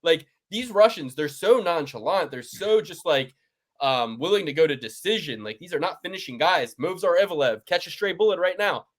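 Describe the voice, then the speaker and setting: A man's voice: on the high side, expressive, normal speed. A man co-hosting a casual podcast chat, ranting and mocking with plenty of profanity. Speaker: podcast co-host.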